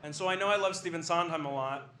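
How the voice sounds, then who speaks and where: A young man telling a comic personal story live on a club stage into a stage microphone, animated and rising into excited bursts. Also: a little high, quick pace. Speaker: stand-up storyteller. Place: comedy club stage with audience. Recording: echoey live room, faint background noise.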